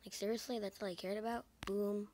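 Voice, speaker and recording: A woman's voice: medium pitch, steady tone, fairly quick, darkish tone. A woman casually recapping a movie's plot, rambling with lots of fillers and sarcastic asides. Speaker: movie reviewer.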